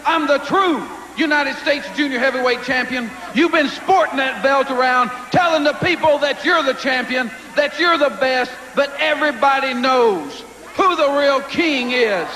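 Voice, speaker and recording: A man with a very high, bright, forceful voice shouts a boastful challenge. The sound rings around a reverberant hall. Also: normal speed. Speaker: pro wrestler. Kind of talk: shouted wrestling promo. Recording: echoey hall.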